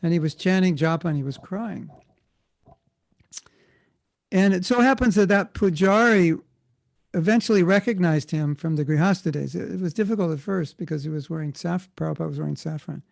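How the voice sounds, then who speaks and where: Gravelly man giving an informal spiritual talk. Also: fairly high pitch, fairly quick, a little mellow, dry recording. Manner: storytelling, informal, many restarts and self-corrections. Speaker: guest speaker at a temple. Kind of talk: conversational spiritual talk answering a question.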